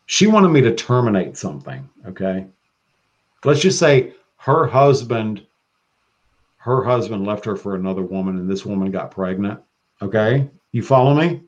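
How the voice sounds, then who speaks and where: A man talking as a podcast guest in casual chat, excitable and profane, breaking into loud bursts when quoting. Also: lowish voice, normal speed. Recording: dull lo-fi sound.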